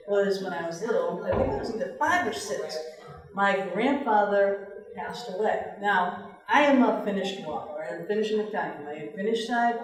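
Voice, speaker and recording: A middle-aged woman on a panel, telling stories in a chatty, animated way. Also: medium pitch. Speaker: panelist, paranormal radio host. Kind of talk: storytelling on a panel. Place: large event room. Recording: very echoey room, far from mic.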